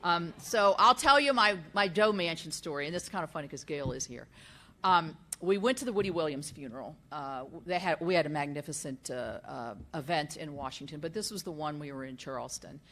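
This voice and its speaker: Older woman senator, low voice, folksy summit speech, fillers and restarts. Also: lively intonation, fairly quick, fairly bright tone.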